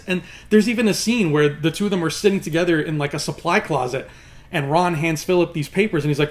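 A young man talks through a film review in a casual, chatty way, full of "you know" and "like". His voice sits somewhat high and leaps higher still when something annoys him. He sounds animated and quick to get exasperated.

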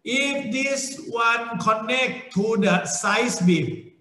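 Slow, high-voiced Thai-accented lecturer, a man. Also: sharp tone, reverberant, poor audio. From Thailand. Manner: slow, repetitive, with frequent okays and restarts. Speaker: university lecturer. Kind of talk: online engineering lecture.

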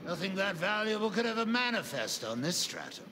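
A man voicing a sneering, cruel video game villain who taunts slowly and theatrically. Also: high-pitched, sing-song, background noise. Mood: gloating. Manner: gloating, taunting, slow theatrical delivery.

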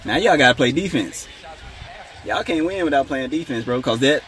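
A man reacting live to a basketball game, slangy and excitable, talking straight to his viewers. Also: mid-range voice, fairly quick. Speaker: sports reaction YouTuber.

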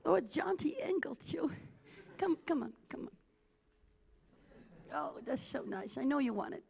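A woman's voice: high-pitched, lively intonation, moderate pace, gravelly, darkish tone. A woman playing a needy, self-obsessed aging female cabaret diva, gushing and melodramatic as she teases the audience from a theatre stage. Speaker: cabaret performer. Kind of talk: live stage character comedy.

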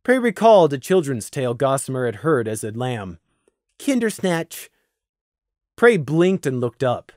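Expressive male narrator, dry and close. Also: mid-range voice, normal speed, hardly any pauses, no room sound. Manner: expressive, dramatic reading. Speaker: audiobook narrator. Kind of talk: scripted fan fiction narration.

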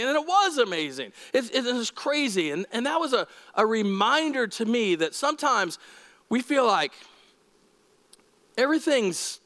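High-voiced male pastor in an echoey hall. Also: a little slow. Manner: conversational, animated, asks the congregation questions. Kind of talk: sermon. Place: church.

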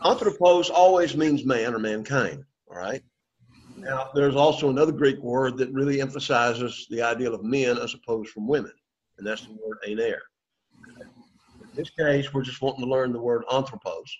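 A man leads a Greek class through call-and-response drills, patiently prompting students to repeat words back. He has a mid-range voice at normal speed, and the classroom audio is dull and lo-fi.

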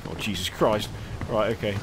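A man's voice: on the low side, steady tone, normal speed, noisy background. A man chatting casually as a gameplay host, rambling with jokey asides. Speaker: gaming channel host.

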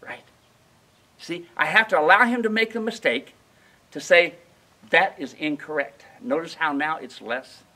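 A man's voice: a little high, expressive, moderate pace, sharp tone, poor audio. A man demonstrating mule halter training outdoors at a ranch, folksy and emphatic, who keeps asking his listeners questions.

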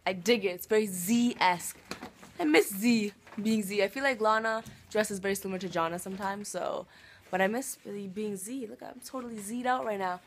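A woman's voice: medium pitch, moderate pace. A young woman from Canada vlogging casually to a handheld camera, playful and self-mocking. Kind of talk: casual vlog chat to camera. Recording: busy crowd and street noise around.

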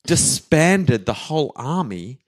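A man's voice: fairly high pitch, sing-song, slow. A man co-hosting a casual history podcast, telling the story playfully and slipping into silly voices for quotes. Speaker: podcast co-host.

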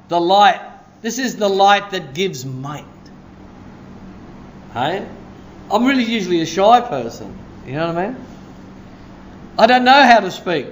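High-voiced excitable pastor. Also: male voice, a little slow, pauses often. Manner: excitable, exclaims and laughs often; conversational, asks "Hey?" often. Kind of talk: sermon. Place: church.

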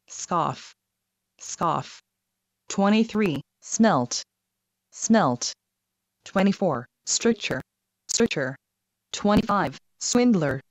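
Woman, vocabulary list reader, very slow and deliberate, slightly low voice, dry close sound. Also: no echo. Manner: reads each word twice, evenly paced.

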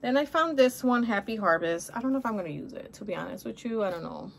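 A middle-aged woman doing a casual haul video at home, her voice sitting at an ordinary middle pitch. She gushes and exclaims over every item and talks right to the viewers as guys and honey. A faint noise hums behind her. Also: expressive, fast, gravelly. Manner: gushing, chatty, exclamatory. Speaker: haul vlogger. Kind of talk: casual shopping haul chat.

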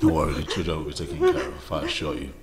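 A Nigerian man playing a young boyfriend who gently soothes and reassures his girlfriend. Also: extremely low pitch, steady tone, racing, a crowd in the background. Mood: soothing. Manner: soothing, repeats himself.

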